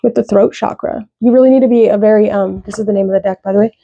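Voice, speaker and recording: A woman giving a casual tarot reading, rambling with lots of fillers, slow when she reads out card meanings. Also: mid-range voice, steady tone, creaky, dark tone, no room sound, highs cut off. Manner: rambling, loose, with many fillers. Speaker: tarot reader.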